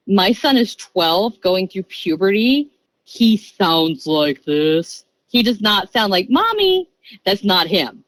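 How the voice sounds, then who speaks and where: A woman in her thirties, a podcast guest telling a story in a casual, chatty way, jumping into quick bursts and acting out the voices she quotes. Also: mid-range voice, no room sound, rough recording. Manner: animated, acts out voices and quoted lines.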